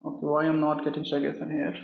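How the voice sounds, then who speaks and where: Brief: male coding instructor, slightly high voice, walks through steps aloud, echoey dull recording. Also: monotone, fast talker, vocal fry. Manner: talks through steps while typing, often addresses the class as "guys". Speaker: programming instructor. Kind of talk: live coding lesson.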